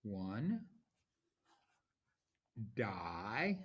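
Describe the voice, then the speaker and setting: A man teaching a recorded lesson, explaining in a slow, informal way and correcting himself as he goes. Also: fairly low pitch, very animated, a bit bright, breathy edge. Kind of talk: recorded lecture.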